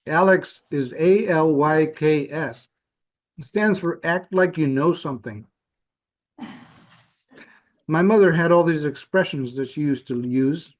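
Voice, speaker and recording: Wry man with a slightly high voice. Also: a little slow, long pauses. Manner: wry, joking. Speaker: club speaker. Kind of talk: casual speech preview.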